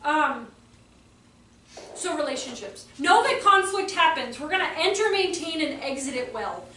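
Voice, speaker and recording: A woman teaching a workshop for early childhood teachers to a live audience, animated and often acting out voices and exclamations. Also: sits high, normal speed. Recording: roomy echo, voice from a distance, faint background noise.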